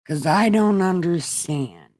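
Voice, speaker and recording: Host: a woman doing irreverent Bible readings, low-pitched and unhurried, crude asides. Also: a little mellow, no room sound. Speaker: comedy Bible reader. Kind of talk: irreverent comedic scripture reading.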